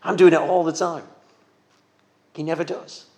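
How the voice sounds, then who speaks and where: Earnest man preaching a gentle sermon. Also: on the high side, little pitch movement, moderate pace. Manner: earnest, gentle pastoral preaching with small repetitions.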